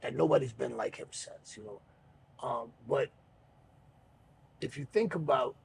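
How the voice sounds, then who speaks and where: Gravelly-voiced man telling wrestling stories. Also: medium pitch, unhurried, a little hiss or hum. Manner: relaxed, rambling, swears freely, many fillers. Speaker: podcast host and pro wrestler. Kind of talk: casual storytelling chat.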